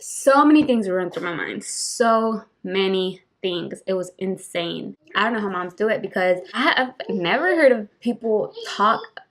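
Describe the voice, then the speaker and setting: A young woman talks straight to the camera in a personal vlog, candid and emphatic. She slips between English and Spanish mid-sentence as she tells her story, at a middle pitch for a woman. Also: lively intonation, moderate pace, fairly bright tone. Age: young adult. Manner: emotional, emphatic retelling. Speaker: vlogger.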